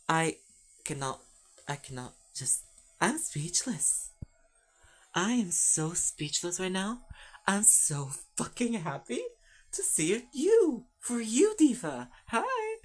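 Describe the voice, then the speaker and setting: A woman's voice: deep voice, full character voice. Woman doing a bubbly, gushing young gay man. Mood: thrilled. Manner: gushing, swearing, slangy.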